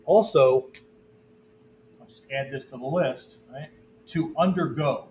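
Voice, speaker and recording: A man's voice: mid-range voice, slow, a little mellow, slight background noise. Man teaching, always asking "okay? right?". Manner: checks in constantly with "okay?" and "right?"; loose, conversational explaining with fillers. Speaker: martial arts instructor. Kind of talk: whiteboard teaching talk.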